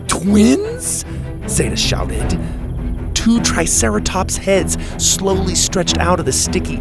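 A man narrating a children's adventure story in an expressive, animated way. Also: on the high side, vocal fry.

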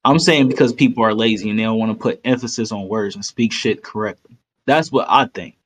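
Husky laid-back man arguing a point. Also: lowish voice, fairly quick, a bit bright. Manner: laid-back, swears freely, argumentative. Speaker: podcast co-host. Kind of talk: casual podcast debate.

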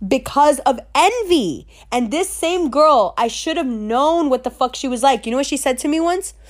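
Blunt, profane woman with a high voice. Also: expressive, normal speed. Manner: streetwise slang. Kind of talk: casual storytelling rant.

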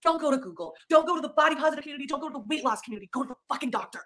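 A woman speaking in a vlog confession, passionate and upset. Her voice sits high and sounds bright and tense. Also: lively intonation, rapid-fire.

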